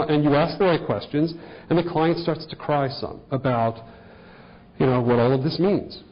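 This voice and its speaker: A man's voice: fairly high pitch, lively intonation, measured pace, highs cut off. A man giving a conversational lecture to a live audience, posing questions to the room as he walks through cases. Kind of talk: continuing-education lecture.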